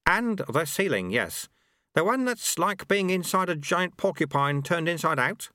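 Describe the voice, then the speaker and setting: A man's voice: a little high, big pitch swings, measured pace, sharp tone, no room sound, studio quality, pitched above the performer's own voice, full character voice. A man voicing a wily old male monastery sweeper who talks in a chirpy, folksy, teasing way.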